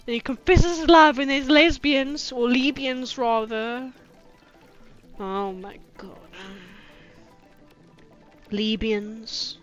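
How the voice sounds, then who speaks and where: Sarcastic high-voiced woman reading fanfic. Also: takes it slowly, pauses often. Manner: sarcastic, swears freely, mocking asides. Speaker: channel host reading fanfiction. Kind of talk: reading fanfiction aloud with commentary. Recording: dull lo-fi with faint music.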